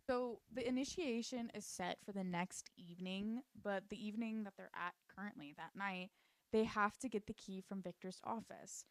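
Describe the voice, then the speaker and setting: A woman's voice: mid-range voice, no echo. Dry, sarcastic woman recapping a show. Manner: sarcastic, swears freely, slips into quick character voices. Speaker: YouTube recap commentator.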